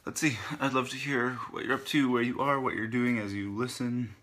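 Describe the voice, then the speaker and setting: Chatty man with a gravelly voice. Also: medium pitch, flat delivery, brisk, a bit bright. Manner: chatty, self-deprecating. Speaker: author reading his own book. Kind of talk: casual podcast chat and book reading.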